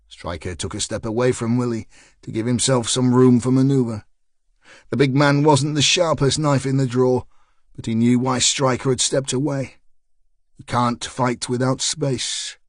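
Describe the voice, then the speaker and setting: A man reads a crime thriller audiobook with measured, wry storytelling. His voice is recorded dry and close, with an even middle pitch. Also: no room sound. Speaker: audiobook narrator. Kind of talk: scripted narration.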